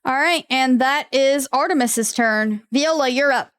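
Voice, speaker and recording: A woman running a tabletop game online, relaxed, chatty and quick to laugh. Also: high voice, smooth. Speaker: game master.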